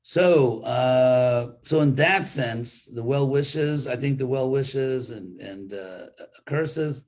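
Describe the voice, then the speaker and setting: A man's voice: medium pitch, takes it slowly, a little mellow. An older man teaching a live spiritual class, talking informally with restarts and wry humor as he tells a story. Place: online class stream.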